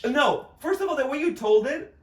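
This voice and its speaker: A man's voice: very high voice, expressive, moderate pace. A man in his twenties with an American accent, co-hosting a podcast in casual chat, campy and dramatic, swearing freely. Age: 20s. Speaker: podcast co-host. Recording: echoey room, far from mic, faint noise.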